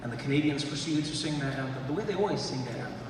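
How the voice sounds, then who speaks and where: A man doing stand-up comedy on stage in a large arena, animated and slipping into voices and sung bits. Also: mid-range voice, racing. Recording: echoey arena from far off, noisy. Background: crowd laughter.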